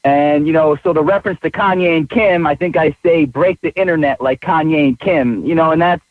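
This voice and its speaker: A man's voice: on the high side, brisk, no room sound. A man, a rapper guest, calling in to a radio interview and explaining his song in an easygoing way. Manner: easygoing, laid-back explaining. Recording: tinny phone line.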